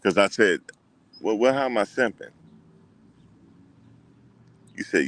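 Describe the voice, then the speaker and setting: A man hosting a casual livestream, talking back to his chat in an animated way and repeating what others said. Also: on the low side, takes it slowly. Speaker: livestream host.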